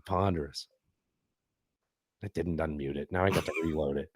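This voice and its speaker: A man's voice: a bass voice, fairly even intonation, fast, husky, dry recording, clean studio sound. A man co-hosting a podcast, rambling and swearing freely as he reads a listener review aloud. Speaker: podcast co-host. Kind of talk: casual podcast banter.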